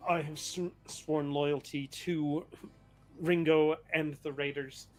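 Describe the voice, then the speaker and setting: A man voicing a retired male full-conversion cyborg soldier in a tabletop game, speaking in a canned robotic way with halting, clipped military phrasing. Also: fairly high pitch, level tone, soft background music. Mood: stiff.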